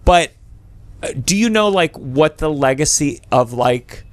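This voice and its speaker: Smooth-voiced man hosting, joking. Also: fairly high pitch, animated, dry recording. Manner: joking, quick questioning. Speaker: comedian podcast host. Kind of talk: casual chat.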